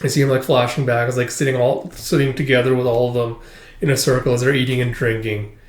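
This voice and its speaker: A man's voice: medium pitch, flat delivery, quick pace. A man hosting a channel, walking through manga pages panel by panel in a casual, rambling read-through. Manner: shouts out character lines in a raised voice. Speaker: manga reviewer and channel host. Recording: echoey room.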